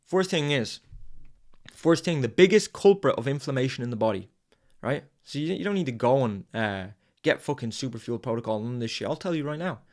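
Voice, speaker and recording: A man's voice: medium pitch, expressive, a little fast, darkish tone. A man hosting a podcast, delivering an intense, profane motivational monologue. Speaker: podcast host.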